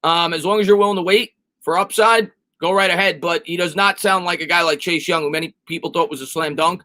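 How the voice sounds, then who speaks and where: A man's voice: a little high, steady tone, a little fast, sharp tone. A man hosting a live sports stream, chatting casually and answering viewers' comments. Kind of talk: live-stream chat reading.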